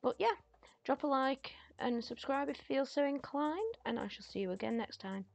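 A young woman giving chatty, excitable commentary as a gaming YouTuber. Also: high-pitched, normal speed, gravelly.

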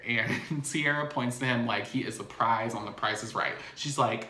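A man's voice: medium pitch, normal speed, hardly any pauses, sharp tone, roomy sound. A man recapping a TV episode in a casual, gossipy way, with playful asides to his viewers. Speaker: YouTube recap host.

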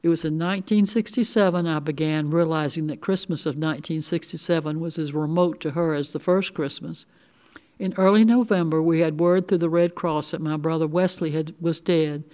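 An older woman reading a short story aloud in the first person, with steady, measured storytelling. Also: sits low. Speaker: resident reader.

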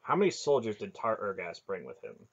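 A man reading an audiobook, voicing an older male sorcerer who speaks in a measured, cautious way. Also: on the low side, sing-song, gravelly, husky, highs cut off, exaggerated voice.

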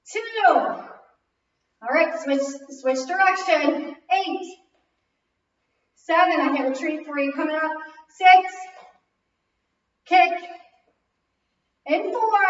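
A female fitness instructor leading a kickboxing class, counting reps and calling moves while working out, a little out of breath. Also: very high-pitched. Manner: energetic counting and cueing while exercising. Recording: very echoey distant lo-fi recording.

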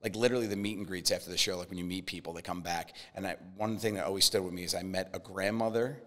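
A man guesting on a podcast, telling stories in casual chat with lively, acted-out quotes. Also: sits low, big-room sound. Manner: fast, animated storytelling with acted quotes.

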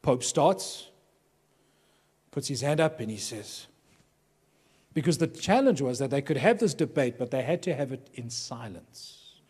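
Telling humorous anecdotes to pastors at a workshop, a man from Durban, South Africa, acts out those he quotes before a live audience in a large hall. His mid-range voice is husky, darkish and animated, moving a little slowly with long pauses. The recording has long hall reverb.

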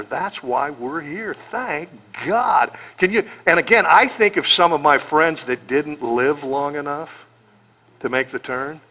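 A middle-aged man preaches with a high voice and a bright, forceful edge. He jokes freely and slips into the voices of the people he quotes. He talks to the congregation like an old friend. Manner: animated, joking, acts out quoted voices. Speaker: pastor. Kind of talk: sermon.

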